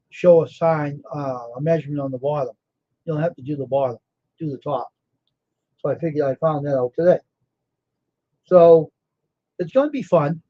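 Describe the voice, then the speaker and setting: Yawning and weary but confident, a man runs a relaxed livestream about his screen printing. His slightly high voice wanders as he chats with viewers by name, captured in dull, lo-fi audio.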